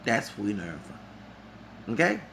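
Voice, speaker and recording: A man's voice: lowish voice, huge pitch swings, slow pace, creaky, bright, forceful tone, a little hiss or hum. A man reviewing a concert in a vlog, talking in a heated, rambling and profane way. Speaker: vlogger.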